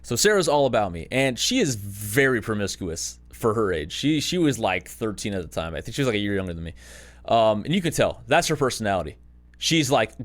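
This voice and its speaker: A man's voice: on the low side, big pitch swings, brisk. A man in his thirties hosting a podcast, telling a long personal story in a rambling, profane, self-mocking way. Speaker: podcast host. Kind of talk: casual storytelling.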